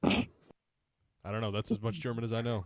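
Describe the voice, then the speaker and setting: A man co-hosting a casual podcast who talks in a joking, animated way. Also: fairly low pitch, moderate pace, a little hiss or hum. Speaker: podcast co-host.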